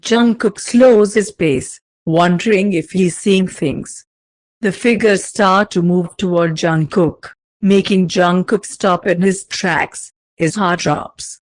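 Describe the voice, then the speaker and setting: Woman story reader, unhurried and even, low pitch. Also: dry recording. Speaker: story narrator. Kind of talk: reading fan fiction aloud.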